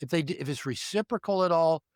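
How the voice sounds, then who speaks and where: This older relationship therapist talks fast with a voice on the high side, giving laid-back advice in an interview. Animated, he stages little back-and-forths, shifting voices as he goes, all in a dry, clean studio recording.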